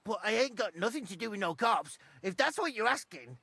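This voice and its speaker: A blunt, superstitious hog herder from a medieval village, in a video game. His rustic speech swings widely in pitch, coarse and plain. The sound is dry and close. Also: very animated, a little fast, gravelly, pushed and bright, slightly rough, no echo, heavily acted. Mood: gruff. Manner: rustic dialect, swears bluntly.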